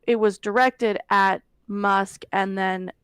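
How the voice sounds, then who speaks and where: A woman's voice: mid-range voice, fairly even intonation, takes it slowly, a bit bright, clear, resonant tone, no room sound. A woman chatting casually as co-host, hesitant and full of fillers. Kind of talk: casual chat.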